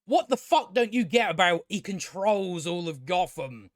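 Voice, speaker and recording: A man's voice: sits high, lively intonation, moderate pace, dry recording, clean studio sound. A man, hosting a casual review and ranting in an exasperated, sarcastic way, swearing and stumbling over restarts. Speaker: TV review host.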